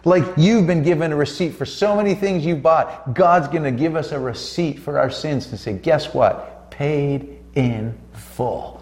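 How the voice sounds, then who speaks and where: Preaching fervently as a co-host on a Christian talk show, a man stretches out his key words for emphasis. His voice sits a little high and a little mellow, heard with a roomy echo.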